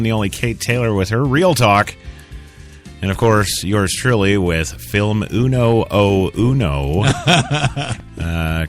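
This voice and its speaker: A man with an American accent hosting a talk radio show, sarcastic and mocking, laughing often. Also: lowish voice. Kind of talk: casual talk radio commentary.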